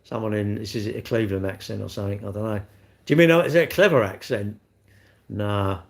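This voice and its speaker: A man's voice: lowish voice, fast talker, vocal fry. A man, hosting a casual livestream, rambling and joking at himself as he answers viewers' comments and laughs often. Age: 60s. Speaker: livestream host.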